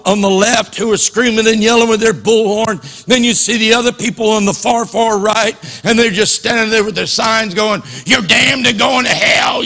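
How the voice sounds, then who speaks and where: A man's voice: high-pitched, a bit bright, big-room sound. A man preaching a passionate sermon as a pastor in a church, often repeating and restarting his words.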